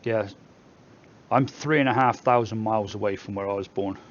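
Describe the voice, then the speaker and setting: A man's voice: lowish voice, fairly even intonation, moderate pace, lo-fi sound. A man with a Somerset English accent, hosting a casual live stream where he reads viewer comments aloud and jokes back at them. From England.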